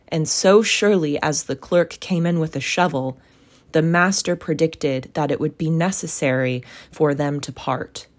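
A woman reading a classic novel aloud as a storyteller, with measured, careful phrasing. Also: sits low.

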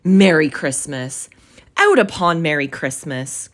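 A bitter old miser, voiced by a woman reading a storybook, speaks in a low, slow voice. He hammers his words with loud indignation. The scorn never leaves his tone. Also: animated, heavily acted. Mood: scornful.

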